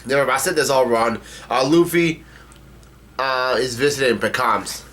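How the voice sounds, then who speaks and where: A man casually reading a manga chapter aloud and reacting, halting with many restarts. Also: mid-range voice, a bit bright.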